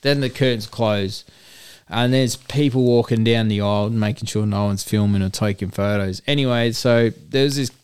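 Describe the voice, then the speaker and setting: Aussie guy, smooth clear voice, dry close sound, rambling storyteller. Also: on the low side, moderate pace, no echo. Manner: rambling crude anecdote, animated quoting. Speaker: storyteller guest. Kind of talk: casual podcast chat.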